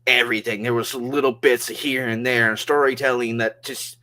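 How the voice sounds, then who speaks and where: A man co-hosting a wrestling review podcast in casual chat, excitable, laughing often and restarting his sentences. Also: mid-range voice, normal speed. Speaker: podcast co-host.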